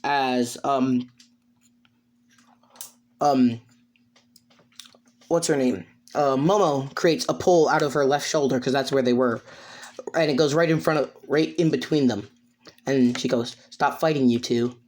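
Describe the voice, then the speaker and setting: A man improvising fan-fiction narration, halting and rambling with many restarts. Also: mid-range voice, darkish tone. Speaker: storyteller.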